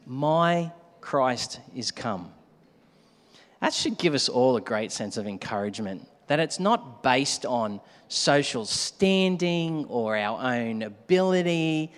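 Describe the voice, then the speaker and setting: Male preacher, mid-pitched, animated, shouts and hushes for effect, long hall reverb. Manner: animated, shouts to act out a scare, drops to a hush for the night scene. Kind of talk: sermon.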